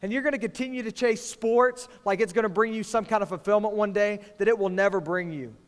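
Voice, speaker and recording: A man preaching to students as youth pastor, swinging from hushed lines to loud, emphatic ones. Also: sits high, brisk. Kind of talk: sermon to students. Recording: long reverb of a large hall.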